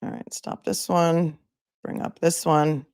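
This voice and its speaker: A woman attorney hosts a casual legal livestream with a somewhat low voice. She talks in an animated, emphatic way and piles up her points in lists. The sound is dry and close, with no room in it. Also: slow pace, no echo. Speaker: attorney and show host.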